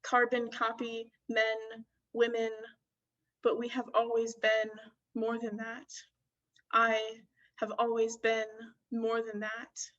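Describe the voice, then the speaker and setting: A woman's voice: fairly high pitch, completely flat delivery, takes it slowly, fairly bright tone. A woman in her twenties, a graduating student poet, giving a playful, wordplay-filled poetry reading. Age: 20s. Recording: distant, dull lo-fi recording.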